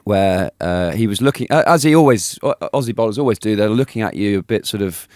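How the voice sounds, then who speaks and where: A man in his thirties speaks with a low pitch, eager and animated as he recounts stories. He laughs often and stumbles over restarts. The sound is close and dry, with no room echo. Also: a little fast. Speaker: guest, former cricketer. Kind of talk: casual storytelling interview.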